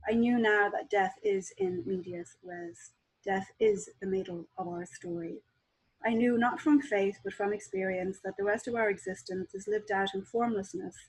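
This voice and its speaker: A woman author talking as a guest on a video call and reading aloud from her own book in a calm, measured way. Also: mid-range voice, breathy edge, rough recording.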